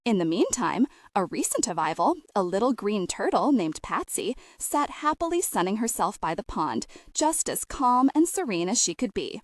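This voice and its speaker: A woman reading a heartwarming audiobook with gentle humor, her pitch rising and falling lively. The sound is close and dry, like a studio read. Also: normal speed, few pauses, no room sound. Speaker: narrator. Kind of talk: audiobook narration.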